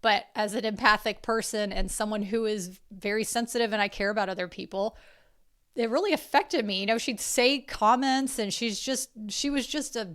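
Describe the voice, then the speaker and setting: A woman's voice: medium pitch, moderate pace, a bit bright. A woman hosting a podcast, talking in a casual, heartfelt and emotional way, with the odd curse word. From South Carolina. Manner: earnest and emotional, swears casually. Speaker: podcast host.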